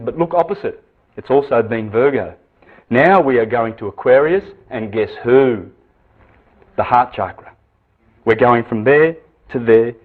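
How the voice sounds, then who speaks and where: A man giving an esoteric lecture with visual aids, lively and full of rhetorical questions and repeated phrases. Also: mid-range voice. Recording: tinny phone-like lecture recording.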